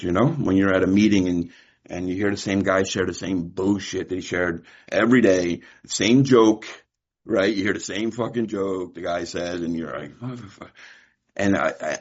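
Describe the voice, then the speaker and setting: Gravelly, profane man sharing his recovery. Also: low-pitched. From California. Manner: candid, profane, storytelling with quoted dialogue. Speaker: recovery meeting speaker. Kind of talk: personal recovery share. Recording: muffled lo-fi recording.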